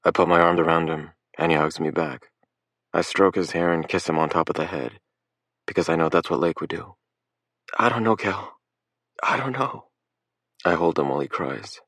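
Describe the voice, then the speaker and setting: A man reading a first-person story aloud in an even, measured way. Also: extremely low pitch, dry recording, studio quality. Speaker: audiobook narrator.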